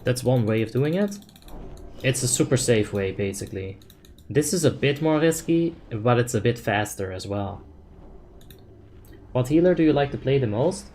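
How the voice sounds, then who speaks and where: A young man narrates a game in a relaxed, rambling way, full of fillers as he explains tactics and answers chat. His voice sits in a middle pitch. Faint keyboard typing and noise run underneath. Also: moderate pace, long pauses. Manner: laid-back, filler-heavy, explains tactics. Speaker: game streamer. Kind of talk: casual gaming commentary, reading chat.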